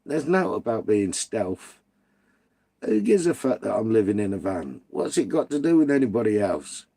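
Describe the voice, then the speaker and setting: A man's voice: fairly low pitch, very animated, moderate pace, dark tone. A British man hosting a live stream, chatting casually with viewers and reading out their comments in a blunt, sweary, ranting way.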